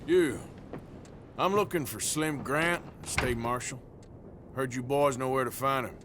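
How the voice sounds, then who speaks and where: A man's voice: medium pitch, measured pace, noisy background, lightly acted. An actor playing a weary, rugged male outlaw in a video game, talking bluntly and dryly with sighs. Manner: blunt, dry, sighing.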